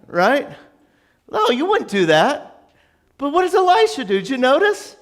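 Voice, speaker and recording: A male pastor preaching a sermon, retelling the story in an animated, joking, conversational way. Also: very high-pitched, measured pace.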